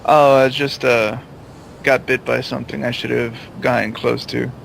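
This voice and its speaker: A man's voice: mid-range voice, little pitch movement, normal speed, vocal fry, fairly bright tone, slight background noise, rough recording. A man playing his character in a tabletop game, speaking in a hesitant, polite way. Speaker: player. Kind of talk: in-character tabletop role-play.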